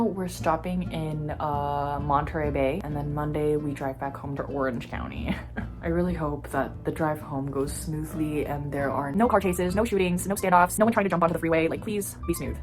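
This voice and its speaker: A young woman telling a road trip story in a casual vlog, animated and profane, laughing often. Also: deep voice, normal speed, over music. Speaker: vlogger.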